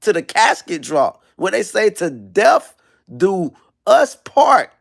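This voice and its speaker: A man doing a shrill, pleading husband. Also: sing-song, slow pace, vocal fry, breathy edge, heavily acted. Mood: outraged. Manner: high-pitched, pleading, shouting. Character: pleading husband, a star athlete, indignant and loud.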